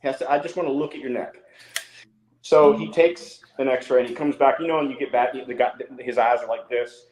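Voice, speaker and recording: A middle-aged man telling stories on a podcast in a loose, swearing way, acting out what others said. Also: moderate pace. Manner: animated, swears freely, acts out quotes in a higher voice. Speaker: podcast guest. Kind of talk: casual storytelling. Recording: roomy echo.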